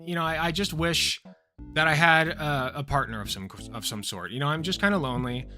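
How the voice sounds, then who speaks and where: A man's voice: fairly high pitch, fairly quick, pushed and bright, faint music behind. A man voicing Adam as a lonely, earnest, slightly bewildered young man in a stand-up bit. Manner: hesitant, earnest.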